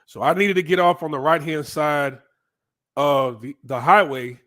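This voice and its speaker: Man telling a casual travel story, lively and crude, slightly higher voice. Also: unhurried. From United States. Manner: animated, profane, frequent "right?" asides. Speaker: vlogger.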